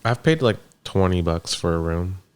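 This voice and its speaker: A man's voice: sits low, animated, normal speed, clear, resonant tone. A man on a podcast in casual chat, making brief, dry remarks.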